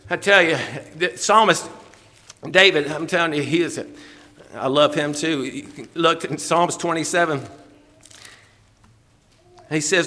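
A man preaches a heartfelt sermon in a high, bright voice. He chuckles between phrases and switches to old-fashioned scriptural wording for quotes. The sound carries a long reverb from a church hall. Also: a little slow, pauses often. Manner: folksy, laughing often, quoting scripture in old-fashioned wording.

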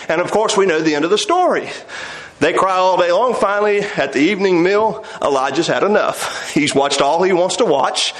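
A man's voice: high-pitched, lively intonation, a little fast, a bit bright. A man preaching a sermon, telling the story with animation and acting out the quotes. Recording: echoey room.

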